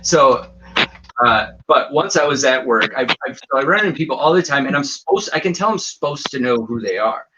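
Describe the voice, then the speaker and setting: A man's voice: mid-range voice, lively intonation, fairly quick, dull audio, background noise. A man doing a casual stand-up set over a home video call, rambling and self-deprecating with lots of fillers and restarts. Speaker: stand-up comedian.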